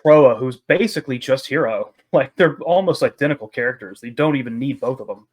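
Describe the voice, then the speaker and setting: A man's voice: mid-range voice, brisk. A man chatting casually with fellow tabletop players, enthusiastic and explaining things at length. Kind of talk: casual chat between game sessions.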